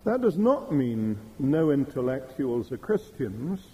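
A middle-aged man preaching a sermon, telling stories in a measured way. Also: mid-range voice, sing-song, mellow, poor audio. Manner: measured storytelling with quoted Russian phrases.

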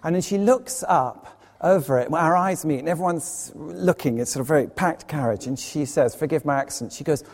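A man preaching an evening sermon as a lay speaker, earnest and anecdotal with quick asides. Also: fairly high pitch, a little mellow, big-room sound. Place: church, evening service.

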